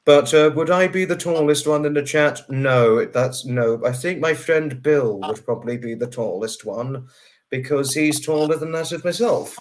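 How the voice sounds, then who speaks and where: A man with a slightly high voice, speaking at a moderate pace, hosts a casual livestream. He chats with a guest and reads out viewer comments, talking directly to the chat and repeating phrases in a chatty way.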